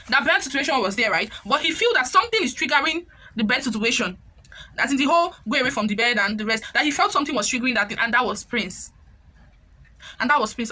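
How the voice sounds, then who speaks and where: Young adult Nigerian woman vlogger, brisk, bright tone, animated recap chat. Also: on the high side. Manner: animated, chatty, slips into pidgin when quoting. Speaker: YouTuber recapping a reality show.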